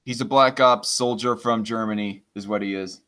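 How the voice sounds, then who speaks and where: Bright, crisp-voiced man stammering through banter. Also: fairly low pitch, fairly even intonation, moderate pace. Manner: stammering, crude joking banter. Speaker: live stream host. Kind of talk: casual live stream chat.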